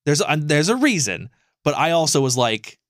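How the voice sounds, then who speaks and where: A man co-hosting a podcast, telling a story in a casual, animated, rambling way with lots of fillers and swearing. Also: a little high, normal speed, no room sound, studio quality. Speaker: podcast co-host.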